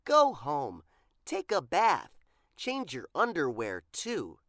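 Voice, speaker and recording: A prim, cheerful librarian speaks firmly and precisely, as a woman storyteller plays her. Her voice lifts and dips with lively pitch. She speaks slowly, as in a picture book read aloud. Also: no room sound, clean studio sound, heavily acted. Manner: firm, bright and precise.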